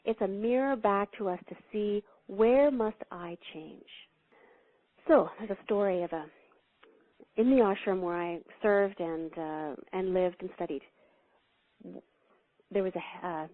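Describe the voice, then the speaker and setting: A woman spiritual teacher telling stories as an interview guest, animated and laughing, acting out the quotes she tells. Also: mid-range voice, normal speed, no echo. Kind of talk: storytelling spiritual talk. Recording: thin phone-line sound, dry.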